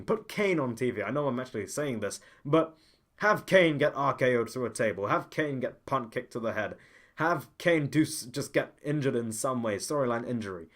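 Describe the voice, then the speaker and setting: A young man hosts a podcast and rants through his opinions in a blunt, unpolished way. He often cuts himself off and restarts mid-sentence. He keeps returning to the same complaints with heated insistence. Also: mid-range voice. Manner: blunt and ranting, with frequent restarts. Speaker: podcast host. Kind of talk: opinionated wrestling podcast commentary.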